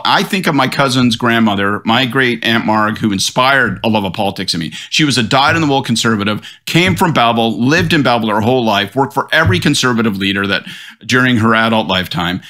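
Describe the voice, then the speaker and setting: A middle-aged man, a political commentator on a podcast panel, in an animated, profane rant. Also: medium pitch, quick pace. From Canada.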